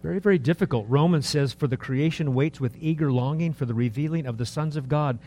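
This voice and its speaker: A man in his early sixties preaching a sermon in a conversational, rambling way, full of rhetorical questions, dropping to soft asides and rising for emphasis. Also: fairly high pitch, fast talker, a little hiss or hum. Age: 60s. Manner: lively, swings between soft asides and raised emphasis. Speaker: pastor.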